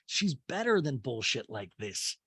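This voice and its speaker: A man hosts a comedy recap podcast, tossing out swear words and laughing at his own jokes. His pitch leaps all over the place as he mocks the cast. The sound is close and dry, with no room echo. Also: sing-song, unhurried, sharp tone, slightly rough. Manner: campy, acts out cast members in high mocking voices. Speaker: podcast host.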